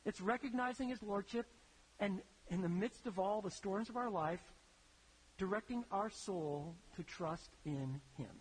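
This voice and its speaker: A preacher telling stories in a sermon, in an animated, conversational way that builds to emphatic peaks. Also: mid-range voice, unhurried, breathy edge, rough recording. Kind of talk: sermon storytelling.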